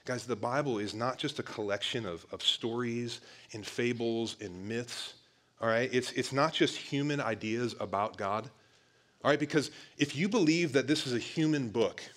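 A man's voice: mid-range voice, a bit bright. A man preaching a casual sermon to a young audience, talking conversationally, often calling listeners "guys" and restarting phrases.

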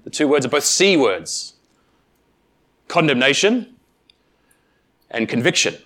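A man preaching a sermon, speaking emphatically with deliberate pauses and addressing the congregation directly. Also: mid-range voice, sing-song, fairly bright tone. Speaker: pastor.

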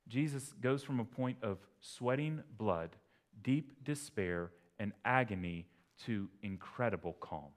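Guy preaching a sermon, chatty then suddenly loud and emphatic, mid-pitched voice. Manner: conversational, with sudden emphatic bursts. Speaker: pastor. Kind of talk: expository sermon.

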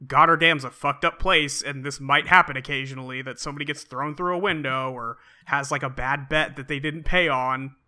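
A man's voice: medium pitch, fairly even intonation, a little fast, few pauses, bright, forceful tone. A man co-hosting a casual podcast, tossing in wry jokes about a comic book. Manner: joking, wry asides. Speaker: podcast co-host.

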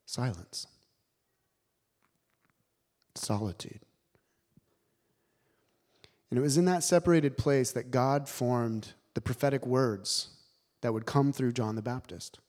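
A man preaching a sermon, animated and emphatic, telling the story with dramatic pauses. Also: medium pitch.

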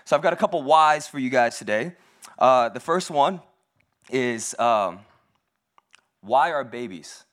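A young man gives a sermon that feels like casual chat, full of self-deprecating jokes. His voice sits at an ordinary middle pitch, and he talks loosely with plenty of filler words. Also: animated, a little slow, fairly bright tone. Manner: self-deprecating, joking, conversational with many "like"s. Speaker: speaker at a church service.

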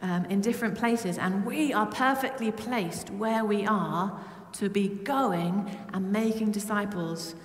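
A woman from Britain preaching a lively, humorous sermon to her church. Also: medium pitch, measured pace, hardly any pauses. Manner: humming song snippets. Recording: echoey church with long reverb.

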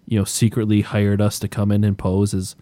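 A man with a somewhat low voice plays in a tabletop game. He talks haltingly, restarting his sentences. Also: completely flat delivery, warm tone, no room sound. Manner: hesitant, restarts often. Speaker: player. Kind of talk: casual tabletop game chat.

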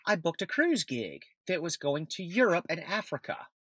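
Bright-voiced man telling stories. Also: fairly high pitch, moderate pace, no echo. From Alabama, USA. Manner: animated, self-deprecating storyteller. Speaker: guest. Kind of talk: casual interview storytelling.

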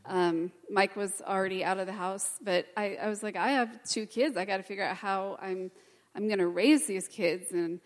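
A middle-aged woman sharing a personal testimony in church, hesitant and full of pauses. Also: mid-range voice, steady tone. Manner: hesitant, many pauses and fillers. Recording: long hall reverb.

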